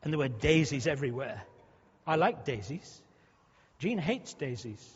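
A man's voice: fairly high pitch, sing-song, measured pace, slight background noise. A male pastor preaching a sermon in a conversational way, often restarting and repeating words. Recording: muffled sound with long hall reverb.

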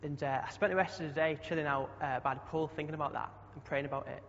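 A man's voice: fairly high pitch, fairly even intonation, quick pace, fairly bright tone, slight background noise. A young man preaching a chatty sermon, often asking the congregation questions. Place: church hall. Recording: dull sound with long hall echo.

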